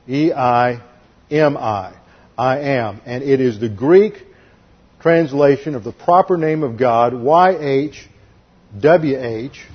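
Husky male Bible teacher, methodical. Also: mid-range voice, highs cut off. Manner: methodical, lists numbered points and spells out words. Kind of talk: expository sermon.

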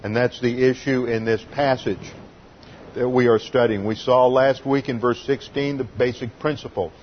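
A male pastor delivers a methodical, didactic sermon, carefully walking through grammar and doctrine. His voice sits at a middle pitch. The recording is dull and lo-fi, with a faint hiss underneath. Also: steady tone, normal speed. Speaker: pastor teaching a Bible study. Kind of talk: expository sermon.

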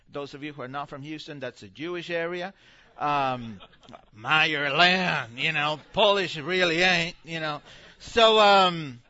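A man's voice: sits high, bright, forceful tone, dull audio. A man giving a chatty church presentation as a missionary speaker, full of fillers and acted-out quotes.

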